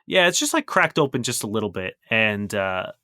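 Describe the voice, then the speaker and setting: A man's voice: lowish voice, very animated, moderate pace, sharp tone, dry recording, clean studio sound. A man narrating as game master in a casual, rambling way.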